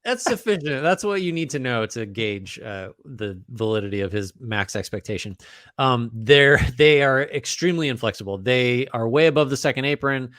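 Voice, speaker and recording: A man's voice: mid-range voice, expressive, moderate pace, fairly bright tone, dry recording. Man talking basketball, dry close sound. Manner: thinks aloud with frequent restarts and fillers. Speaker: podcast co-host. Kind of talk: casual basketball analysis chat.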